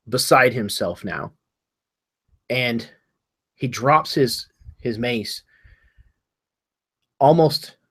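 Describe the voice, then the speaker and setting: A man playing a tabletop game, narrating his character's actions in a halting way, often repeating words as he searches for them. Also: medium pitch, a bit bright. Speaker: player.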